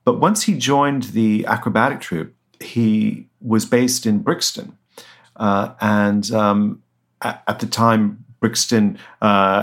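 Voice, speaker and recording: Man, low-pitched voice, hesitant, lots of ums and restarts, author interview. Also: fairly bright tone. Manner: hesitant, many fillers and restarts. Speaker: author guest. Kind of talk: conversational interview answers.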